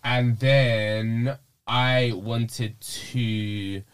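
A man's voice: medium pitch, fairly even intonation, extremely slow. Chatty male podcast host. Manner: chatty, repeats words while searching for phrasing. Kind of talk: casual chat.

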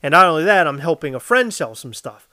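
A man from co-hosting a casual podcast, telling stories in animated, profane bursts. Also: fairly high pitch, brisk, no echo, clean studio sound. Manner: animated storytelling, swearing, loud bursts. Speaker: podcast co-host.

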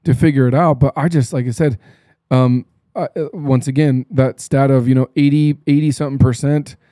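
A man hosting a casual podcast interview, tossing in quick animated asides. His voice is mellow and mid-pitched, and the recording sounds dry and close. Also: dry recording. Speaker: podcast host.

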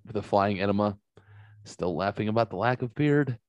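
A man's voice: fairly low pitch, expressive, moderate pace, no room sound, lo-fi sound. A man hosting a podcast, chatting casually and profanely, mocking himself and rambling through stories. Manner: self-mocking, rambling storyteller. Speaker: podcast host.

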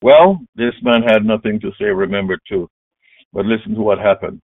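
A man's voice: fairly low pitch, moderate pace, no room sound. Preacher man on a tinny line. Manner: emphatic, dramatic retelling with loud exclamations. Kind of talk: sermon. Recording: tinny phone-like dry sound.

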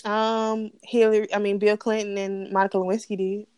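A woman co-hosts a casual TV recap podcast, ranting about the show in a blunt, profane, animated way. Her mid-range voice moves at a normal speed and sounds clear and resonant. The studio-quality recording has no room sound.

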